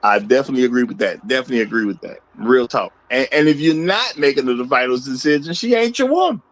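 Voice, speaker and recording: A man's voice: medium pitch, lively intonation, quick pace, low-quality recording. A man hosting a live online debate show, firm and emphatic, repeating his key points. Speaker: show host. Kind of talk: live stream debate and super chat reading.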